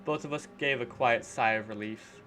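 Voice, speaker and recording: A man reading a visual novel aloud in a plain, measured way, voicing a cautious teenage boy and his narration. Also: mid-range voice, sharp tone, a little hiss or hum, lightly acted. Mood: wary.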